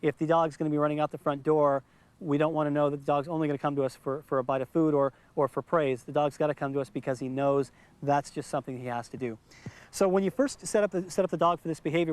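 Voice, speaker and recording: A middle-aged man with a slightly high voice teaches in a patient, explanatory way. He leans on repeated words to stress his points. It is a calm instructional demonstration recorded outdoors. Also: clean tone. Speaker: dog trainer.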